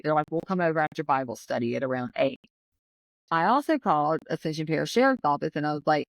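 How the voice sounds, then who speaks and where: A woman's voice: sits low, animated, quick pace, no echo, low-quality recording. A woman, telling a painful personal story as a podcast guest and acting out what others said. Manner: emotional, tells her story with quoted voices.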